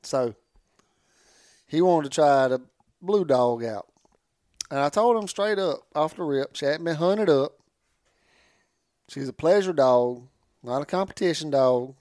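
A man's voice: on the high side, animated, a little slow, pauses often, a little mellow, dry recording, studio quality. A man hosting a podcast, telling a rambling story in casual chat and laughing through it. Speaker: podcast host.

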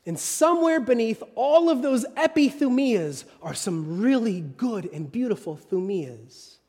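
A male preacher delivers a sermon, moving from full-voiced phrases down to near whispers. His voice sits high and ranges widely. A long reverb follows every line. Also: lively intonation, measured pace. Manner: dramatic, shifting from loud to whispered.

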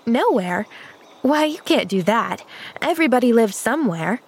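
Storybook role: bright, chatty young girl, high and eager, read by a woman. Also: animated, a little slow. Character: cheerful eager eleven-year-old girl.

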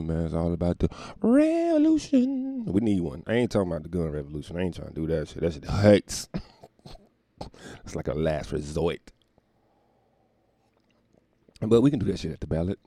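A man's voice: low-pitched, lively intonation, a little fast, vocal fry, mellow, no echo, clean studio sound. A man delivering a casual comedic rant, profane and rambling, often laughing and slipping into mock voices. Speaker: comedic commentator.

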